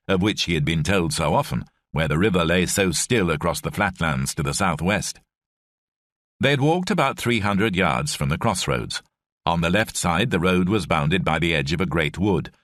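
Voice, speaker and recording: A man reading an audiobook in measured, expressive scripted narration. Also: low-pitched, no echo, studio quality.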